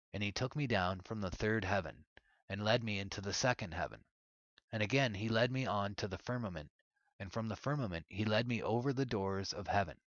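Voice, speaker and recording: Deep-voiced man in a solemn reading. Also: fairly bright tone, no echo, muffled recording. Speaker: narrator. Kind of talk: scripted reading of an ancient religious text.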